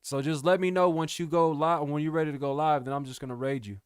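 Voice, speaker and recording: A man's voice: fairly high pitch, steady tone, fast talker, smooth, no room sound, clean studio sound. A young man chatting casually with his live-stream viewers, laid-back and slangy, calling them bro and y'all. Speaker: music producer streamer.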